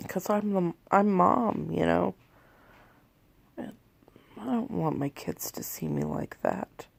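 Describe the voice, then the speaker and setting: Gravelly woman in her 30s rambling into her phone from bed, shaky and drained after a panic attack, dry close sound. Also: lowish voice, expressive, takes it slowly, no echo. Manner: rambling and candid. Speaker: vlogger. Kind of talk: candid confessional vlog. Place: in bed in a bedroom at home.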